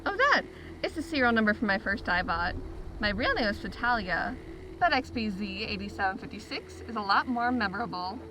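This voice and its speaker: In this chatty bit of video game dialogue, a woman plays a young merchant who trades tech, builds robots, and teases and jokes. She speaks a little fast in a natural, mid-range, sing-song voice against a noisy background.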